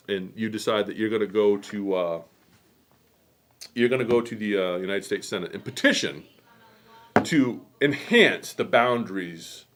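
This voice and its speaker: A man hosting a quilt shop stream, telling a history story in a rambling, animated way with many fillers and asides. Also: lowish voice. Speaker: host.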